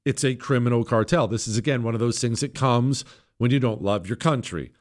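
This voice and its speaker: A man hosting a political talk radio show, his voice going hoarse, delivering an emphatic, sarcastic monologue that jumps between loud jabs and low mutters. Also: fairly quick. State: hoarse, voice nearly gone.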